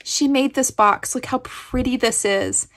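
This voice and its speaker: A woman with a fairly high voice hosts a crafting vlog and unpacks a gift package. She is from Kansas and talks casually, gushing over each item with effusive, breathy exclamations. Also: a little slow, a bit bright, slight background noise. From Kansas, USA. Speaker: crafting channel host.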